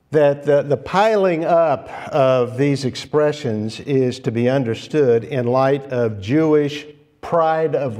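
Slow, measured male preacher. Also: medium pitch, a little mellow. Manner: measured, unhurried expository preaching with pauses and restarts. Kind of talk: sermon. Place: church.

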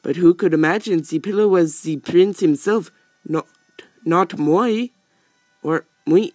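A man's voice: high voice, measured pace, darkish tone, no room sound, faint music behind. A man voicing a pompous block creature from a video game with a put-on French accent, flustered and theatrical.

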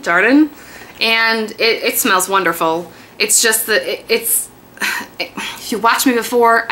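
A woman in her thirties chatting excitedly about a mail haul in a casual vlog. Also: on the high side, slight background noise. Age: 30s. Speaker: beauty vlogger. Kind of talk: casual haul video chat.

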